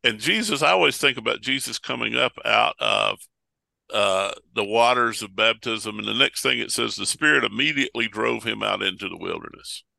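A pastor talking over preaching texts in casual conversation, a folksy storyteller who acts out the voices of Bible figures. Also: male voice, fairly low pitch, normal speed, gravelly, sharp tone, no echo.

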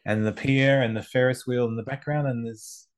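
A man co-judging a photo competition on a podcast, describing pictures in an easygoing way with many pauses and fillers. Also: medium pitch, steady tone. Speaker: co-judge. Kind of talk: casual chat.

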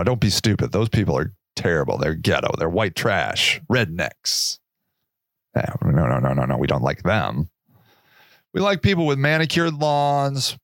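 A man's voice: medium pitch, fairly bright tone, no echo, studio quality. A man hosting his own podcast, talking alone in a rambling, sarcastic way and laughing at his own jokes. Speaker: podcast host. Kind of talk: casual monologue.

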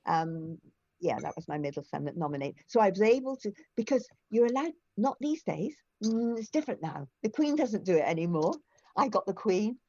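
A woman's voice: medium pitch, big pitch swings, brisk, a little mellow, no room sound, dull audio. An older woman, a guest in an interview, telling stories in a chatty way and often restarting her sentences. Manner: chatty storyteller with frequent restarts and fillers. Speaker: interview guest, former foster carer. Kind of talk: conversational interview.

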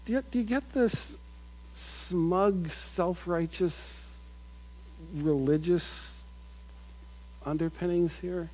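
A middle-aged man preaching in a slow, deliberate sermon cadence. His voice sits fairly high for a man and swells with emphatic stress before falling back to quiet, earnest remarks. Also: poor audio. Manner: earnest, builds up with rising emphasis, mimics crowd voices.

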